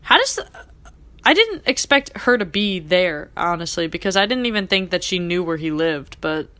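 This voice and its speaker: A young woman co-hosts a casual podcast, her voice sitting a little low and sounding dry and close. She gushes over a TV episode and acts out the characters' lines as she retells them. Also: normal speed, no echo. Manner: gushing, animated, acts out quoted lines. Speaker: podcast co-host. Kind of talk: casual chat recapping a TV episode.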